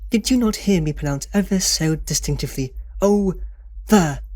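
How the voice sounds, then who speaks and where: A man's voice: high-pitched, normal speed, a little mellow, voice pushed up. A man voicing a tiny, pompous old colonel with a blended British accent, fussy and exclamatory. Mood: scolding. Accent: mix of British accents.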